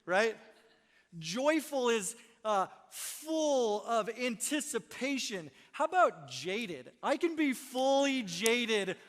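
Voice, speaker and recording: Man preaching, high voice, chatty and self-mocking, church with long echo. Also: very animated, takes it slowly, hardly any pauses, fairly bright tone. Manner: conversational, self-deprecating, keeps asking "right?". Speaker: pastor. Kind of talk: Christmas Eve sermon. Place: church sanctuary. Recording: long hall reverb.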